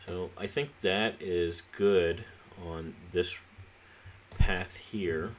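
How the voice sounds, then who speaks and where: Low-voiced man thinking aloud over gameplay. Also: very slow, a little hiss or hum. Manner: relaxed, thinking aloud with restarts. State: sleepy, yawning. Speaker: let's play host. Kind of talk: casual gameplay commentary.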